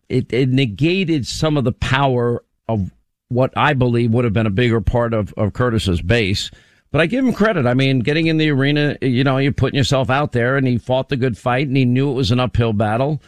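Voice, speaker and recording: A man hosting a talk radio show, chatting casually with a co-host and taking calls, quick to laugh. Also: medium pitch, no room sound. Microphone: studio microphone.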